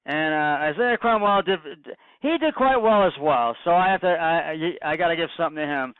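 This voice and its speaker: A man with a fairly high, smooth voice rambles happily through a solo sports recap, circling back to the same phrases. The sound is dry and thin, like a phone line. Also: a little fast, no echo. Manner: rambling, excited, repeats himself, many fillers. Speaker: home podcaster recapping football. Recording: tinny phone-like dry recording.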